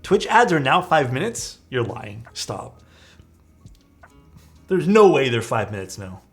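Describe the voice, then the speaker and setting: A young man talks casually to his stream chat as he works, easygoing and quick to poke fun at himself. His voice sits in a middle register. Quiet music plays faintly behind him. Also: medium pitch, sing-song. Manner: laid-back, chatty, reads chat aloud, self-deprecating. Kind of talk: casual live-stream chat while building a keyboard.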